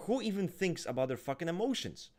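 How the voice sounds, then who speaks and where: A man's voice: high-pitched, very animated, quick pace, darkish tone. A man in casual chat about his own personality, emphatic and profane, often restarting his sentences.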